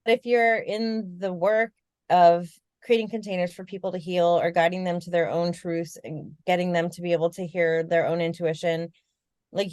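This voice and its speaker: Candid lower-voiced woman in casual chat. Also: darkish tone, no room sound, clean studio sound. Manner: candid, reflective, swears casually, laughs often. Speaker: podcast co-host.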